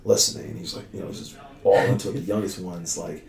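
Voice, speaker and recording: A man's voice: low voice, fast talker, creaky. A man in his thirties, a strength and conditioning coach, chatting on a podcast and acting out bits of dialogue as he tells stories. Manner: animated storyteller who acts out dialogue. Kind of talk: casual podcast conversation. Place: office. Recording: echoey office, mic at a distance.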